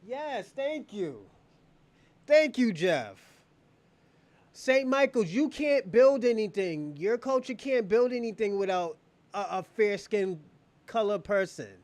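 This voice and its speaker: A man's voice: sits high, expressive, slow, darkish tone, dry recording. A man hosting a livestream, giving heated commentary and taunting viewers in a mocking way that often breaks into laughter. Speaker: livestream host.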